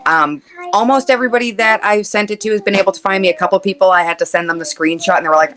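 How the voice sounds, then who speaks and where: A woman guest on an interview podcast, talking candidly and earnestly with quick playful quips. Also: medium pitch, steady tone, a bit bright, low-quality recording. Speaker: guest, content creator and actor. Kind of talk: casual interview chat.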